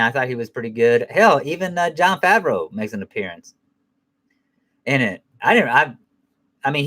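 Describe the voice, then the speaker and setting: A man's voice: medium pitch, a bit bright. A middle-aged man giving a casual spoken film review, rambling, profane, and often correcting himself.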